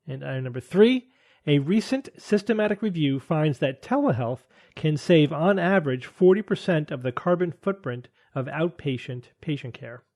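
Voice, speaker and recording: Brief: male podcast host, a bit higher voice, reads quiz items crisply. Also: darkish tone. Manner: clear, brisk reading of items. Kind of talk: hosting a quiz segment.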